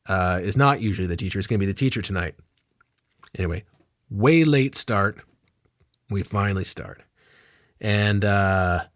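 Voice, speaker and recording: A man's voice: on the low side, dry recording, studio quality. A man telling a rambling, self-mocking comic story with lots of swearing.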